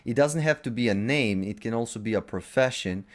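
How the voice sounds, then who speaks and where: A man's voice: medium pitch, fairly quick. A man teaching a language lesson, methodically going through word pairs with short asides. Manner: methodical, lists words in pairs with brief asides.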